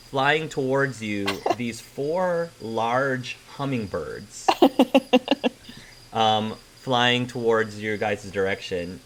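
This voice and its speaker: A man's voice: mid-range voice, fairly bright tone, a little hiss or hum. Guy narrating a tabletop game as gm, takes his time, voice goes up and down a lot. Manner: unhurried, storytelling, with many fillers. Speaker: game master.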